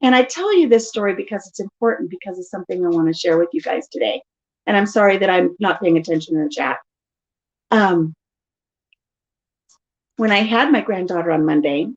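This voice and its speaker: A middle-aged woman casually telling stories in an animated way during a live chat at home. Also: fairly low pitch, dull audio. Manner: chatty, animated storytelling. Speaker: vlogger.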